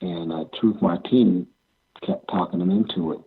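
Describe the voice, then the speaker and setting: An older man telling stories from his wrestling career in an interview, halting and repeating himself, often chuckling. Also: low voice, fairly even intonation, husky. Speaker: amateur pro wrestler. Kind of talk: interview storytelling. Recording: tinny phone-like sound.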